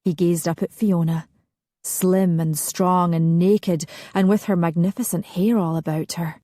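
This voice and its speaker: A woman narrating a romance audiobook in a soft, intimate, unhurried reading. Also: fairly low pitch, steady tone, dry recording, studio quality.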